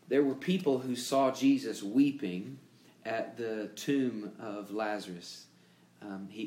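Slow, emphatic preaching man in echoey room. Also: mid-range voice. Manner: emphatic preaching with dramatic pauses and rising questions. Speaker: pastor. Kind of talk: sermon.

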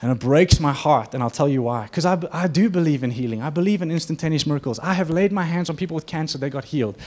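A man's voice: a little high, fast talker, darkish tone. Earnest conversational male preacher. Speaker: pastor. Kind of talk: sermon.

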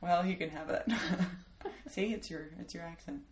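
A woman's voice: lowish voice, normal speed, darkish tone, roomy sound, a little hiss or hum. A woman hosting a podcast interview, chatty and playful, laughing often and teasing her guest. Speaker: podcast host. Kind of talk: casual interview chat.

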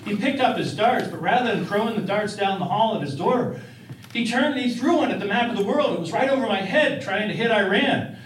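A man's voice: sits high, slight background noise. A man telling a first-person story in a conversational way, with fillers and restarts. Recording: roomy, distant-miked.

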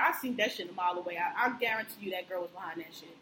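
A woman co-hosting a casual chat, blunt and animated, telling stories with acted-out quotes. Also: on the low side, very fast, hardly any pauses. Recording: roomy with faint background noise.

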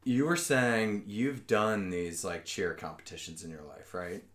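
A man's voice: fairly low pitch, fairly even intonation, unhurried, fairly bright tone, echoey room. A man hosting a podcast in casual chat, ranting and mocking with plenty of swearing. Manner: profane, mocking rants. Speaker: podcast host. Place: podcast studio.

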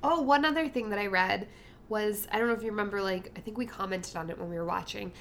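Woman, podcast co-host, mid pitch, casual chatty talk, faint background hiss. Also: fast talker, fairly bright tone. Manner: chatty, filler-laden, laughing asides. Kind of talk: casual movie podcast chat.

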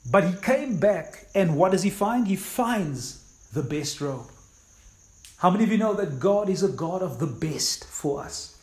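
A man's voice: high-pitched, darkish tone. A man preaching a sermon as pastor, reading scripture aloud and then urging his listeners on with fervent exhortation. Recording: echoey room.

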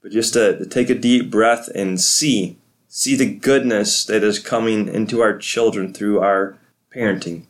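Earnest, low-voiced pastor. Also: male voice, steady tone, measured pace. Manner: earnest, encouraging, prayerful. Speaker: pastor hosting a parenting podcast. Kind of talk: devotional podcast talk.

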